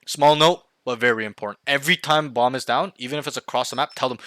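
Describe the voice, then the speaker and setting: A man's voice: mid-range voice, fast talker, hardly any pauses, no echo. A man coaching a student one-on-one over voice chat, emphatic and often checking in with 'right?'. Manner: emphatic, often checks in with 'right?', acts out loud team callouts. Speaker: game coach.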